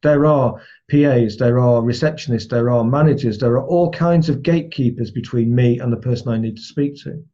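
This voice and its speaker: A man teaches in a relaxed, conversational way. His voice is mellow and a little husky. The recording sounds dull and lo-fi. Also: medium pitch, a little fast, few pauses. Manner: conversational, explains with everyday examples. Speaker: trainer. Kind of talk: spoken lesson on rapport.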